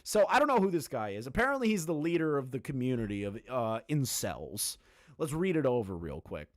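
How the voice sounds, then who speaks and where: A man doing live-stream commentary in a crude, mocking and excitable way. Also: medium pitch, a little fast.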